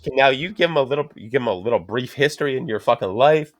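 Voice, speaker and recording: A man in casual podcast chat, voice in the middle range for a man, recorded dry and close with no room sound. He tells a story loudly and with a lot of swearing, jumping into quick impressions of the people in it, and his pitch often leaps up for emphasis. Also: no echo, lo-fi sound. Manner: profane, animated storytelling with acted quotes. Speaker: podcast co-host.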